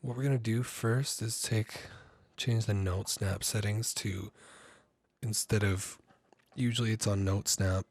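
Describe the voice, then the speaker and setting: A man, a music producer, talking through a software tutorial in a relaxed, rambling way full of ums and likes. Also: lowish voice, a little slow, dry recording. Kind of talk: casual screen-recorded tutorial.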